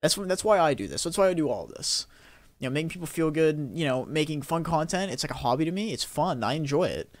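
A man's voice: fairly high pitch, animated, fast, dry recording. A young man and YouTube gaming creator, talking casually to camera in a rambling, upbeat way with frequent laughs.

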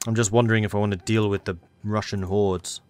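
A man's voice: lowish voice, little pitch movement, a little fast, a little mellow, smooth, no room sound. A man commentating a strategy game, thinking aloud and talking to the game's factions as he plays. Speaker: gaming channel host.

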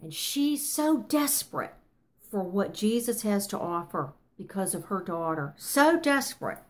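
A woman's voice: medium pitch, very animated, unhurried. Earnest older woman teaching the Bible. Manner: earnest, emphatic, with frequent fillers and self-corrections.

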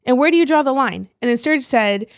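A young woman with a fairly high voice, co-hosting a podcast and casually reading quotes and posts aloud, now and then tripping over words. The sound is close and dry. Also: animated, a little fast, no room sound. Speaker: podcast co-host.

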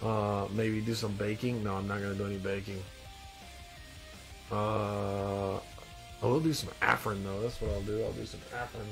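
Dressed in a demon costume, a stuffy-nosed man hosts a casual live stream, joking and rambling as he reads viewer comments. His fairly low, creaky voice is fairly bright with little pitch movement at a normal pace, over soft background music.

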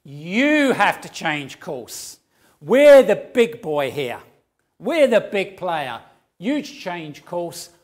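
A man voicing a proud, blustering male warship captain in a sermon story, loud and indignant. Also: sits high, big pitch swings, drawn-out words, heavily acted.

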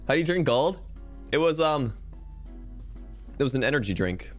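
A young man streaming a game, talking to his chat in a goofy, rambling way. His pitch leaps around a lot as he jokes and complains. Faint music plays underneath. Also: animated, moderate pace, long pauses.

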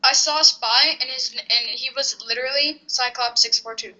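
Bright, punchy gamer voice, playful and loud, casual commentary. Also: medium pitch, normal speed. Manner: excitable, jokey, blurts reactions. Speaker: gamer playing with a friend. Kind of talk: casual gameplay chat. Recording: dull lo-fi mic.

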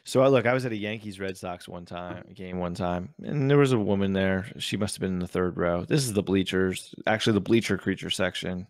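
A podcast co-host in casual conversation, this man has a gravelly, low voice and talks a little fast with few pauses. The recording is dry, with clean studio sound.

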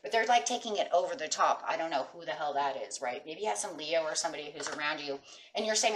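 A deep-voiced, animated middle-aged woman talks fast through a chatty tarot reading, checking in with viewers via frequent "right?" and speaking emphatically. She's far from the mic in an echoey room, with a little hiss or hum.

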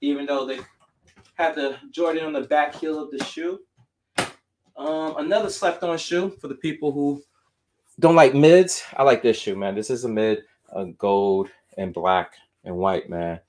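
A man's voice: medium pitch, fairly even intonation, unhurried, a little mellow, slight background noise. A man talking his way through a sneaker collection on a live stream, out of breath from moving boxes around. His talk is loose and chatty, sliding between half-sung muttering and eager explaining. He is recorded at home in a room cluttered with shoes. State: winded, out of breath. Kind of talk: casual live-stream chat.

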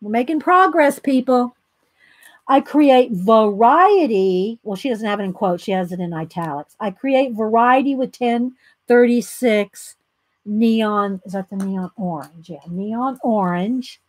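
A woman's voice: mid-range voice, animated, a little slow, no room sound. A chatty woman with a Southern American accent walks viewers through a coloring demo. She reads the book's steps aloud and drifts into friendly asides. Her voice sits in an ordinary middle register and sounds dry and close, with little room sound. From Southern United States. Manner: chatty, greets viewers by name, laughs easily. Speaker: coloring demonstration host. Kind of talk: casual live coloring tutorial, reading steps aloud.

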